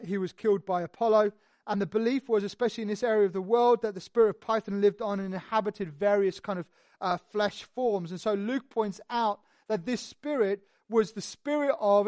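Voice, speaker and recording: A preacher giving a sermon, telling the story in an animated, conversational way with lively asides. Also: medium pitch, dry recording, clean studio sound.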